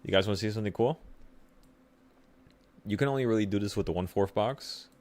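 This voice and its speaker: A young man with a very low voice walks through trading charts in a loose, offhand way. He thinks out loud and pokes fun at his own slips as he clicks around. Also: fairly quick. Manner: relaxed, thinking aloud, laughs at himself. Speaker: trading channel host. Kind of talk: casual screen-share chart walkthrough.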